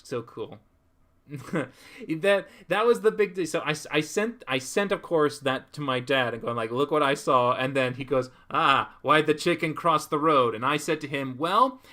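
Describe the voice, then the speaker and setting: Speaking in a mid-range, slightly bright voice, a young man from California chats on a livestream while drawing, reading viewer comments and laughing as he riffs on them.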